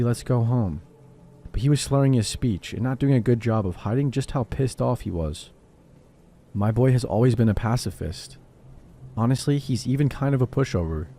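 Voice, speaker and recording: A man reading a first-person horror story aloud as a scripted narration, in a low, even storytelling manner.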